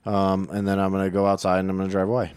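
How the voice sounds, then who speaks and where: A man playing an improvised heist game, describing outrageous moves in a flat, matter-of-fact way. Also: low-pitched, very fast, clean tone, no echo. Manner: deadpan and brash, describing violent moves matter-of-factly. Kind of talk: casual improvised comedy.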